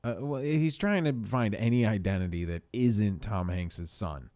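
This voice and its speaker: A man's voice: lowish voice, moderate pace, darkish tone, no room sound. A young man co-hosting a podcast, chatting in a joking, sarcastic way with lots of fillers. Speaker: podcast co-host. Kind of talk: casual chat.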